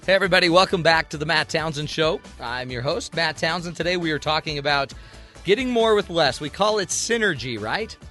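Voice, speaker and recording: A man with a fairly high voice, hosting a radio talk show and then telling stories to a large crowd. He acts out the voices in his anecdotes with animated energy. The speech rings with a long echo from the hall. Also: brisk, faint music behind. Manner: animated storyteller, acts out dialogue, audience laughter. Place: large hall before an audience.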